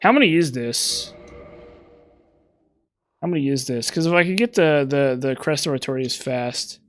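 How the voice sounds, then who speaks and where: Guy rambling through a game, thinking out loud, kinda self-deprecating, slightly high voice. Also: expressive, normal speed. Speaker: gameplay commentator. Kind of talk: casual gameplay commentary.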